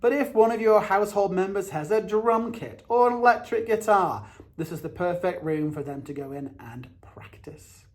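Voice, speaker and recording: A man's voice: sits high, moderate pace. A man from England, a realtor narrating a home tour in an upbeat, chatty way as he points out the features of each room.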